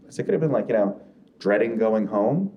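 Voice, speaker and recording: A man doing a stand-up comedy set on a club stage, telling stories with animated delivery and acting out the voices of the people in them. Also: on the low side, brisk, muffled recording. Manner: animated storytelling, acts out quoted voices. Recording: roomy club sound with crowd laughter.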